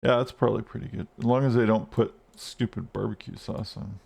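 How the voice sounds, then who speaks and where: A man's voice: lowish voice, fairly even intonation, a little fast, creaky, a little mellow. Laid-back swearing male game streamer. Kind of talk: casual live-stream chat while playing.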